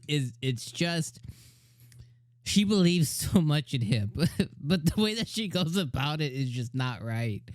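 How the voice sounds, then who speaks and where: A man's voice: mid-range voice, no room sound, studio quality. A man hosting an anime review channel, chatting casually, rambling and laughing often as he retells scenes.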